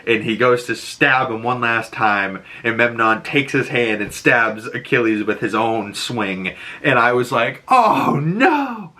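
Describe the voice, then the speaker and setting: Bright-voiced man recapping a show. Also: medium pitch, a little slow, hardly any pauses. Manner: rambling, animated retelling with filler words. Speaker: YouTube reviewer. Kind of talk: casual episode recap.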